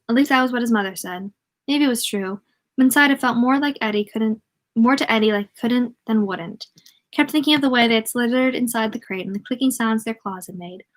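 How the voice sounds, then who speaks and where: A woman reading a novel aloud in a casual way, often stumbling, correcting herself and adding joking asides. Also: fairly high pitch.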